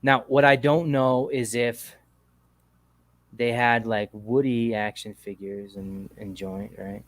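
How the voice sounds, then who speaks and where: A man hosting a casual call-in chat show, talking in a relaxed, slangy, rambling way. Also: medium pitch, slow pace, no room sound. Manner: laid-back, slangy, rambling. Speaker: podcast host.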